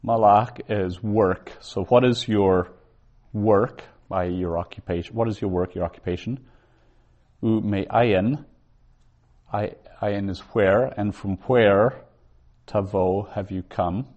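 A man teaching a Bible Hebrew class, explaining slowly, word by word. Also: lowish voice, fairly even intonation, a little mellow. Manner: slow, deliberate, word-by-word explaining. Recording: dull lo-fi recording.

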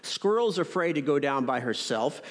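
A man's voice: a little high, lively intonation, moderate pace, natural voice. A man voicing a kind, sensible male hedgehog in a storybook read-aloud. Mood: calm. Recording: echoey church hall.

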